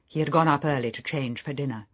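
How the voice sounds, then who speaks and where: A man reading a novel aloud as audiobook narration, steady and even. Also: medium pitch, fast. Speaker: audiobook reader. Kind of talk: scripted narration.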